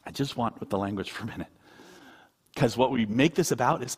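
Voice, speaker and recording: A man preaching a sermon, moving from quiet asides to loud, high-pitched emphasis. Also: brisk, slightly rough. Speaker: pastor.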